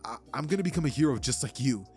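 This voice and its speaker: Timid, humble teen boy who stutters and rushes, played by a man. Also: mid-range voice, lively intonation, darkish tone, faint music behind, close to an everyday voice. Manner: stammering, nervous, eager. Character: timid, humble, overpowered teenage boy hero.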